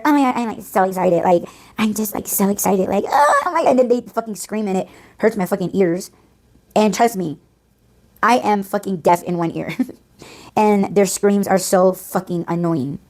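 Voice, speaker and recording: Woman podcaster venting, cussing a lot, kinda low voice, super blunt. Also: darkish tone. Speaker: podcast host. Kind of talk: casual ranting monologue.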